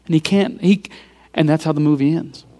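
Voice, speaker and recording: High-voiced man preaching through a story. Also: a little fast. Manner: animated retelling, dropping to hushed near-whispers for emphasis. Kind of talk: storytelling sermon.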